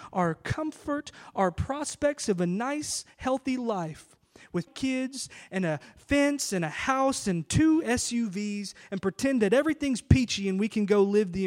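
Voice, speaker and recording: A man's voice: sits high, darkish tone. A man pastor preaching an emphatic sermon full of rhetorical questions.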